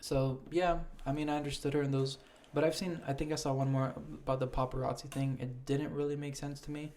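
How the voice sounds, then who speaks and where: A man's voice: medium pitch, flat delivery, a little mellow. A young man hosting a casual podcast, reading award nominations aloud and swearing freely in loose chat. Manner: casual, swears freely, reads names slowly. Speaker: podcast host.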